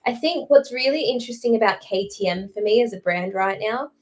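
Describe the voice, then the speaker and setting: A young woman from Derry with a Northern Irish accent, co-hosting a casual podcast chat with opinionated, quick analysis. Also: medium pitch. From Northern Ireland. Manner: opinionated, fast analytical talk with fillers. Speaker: co-host.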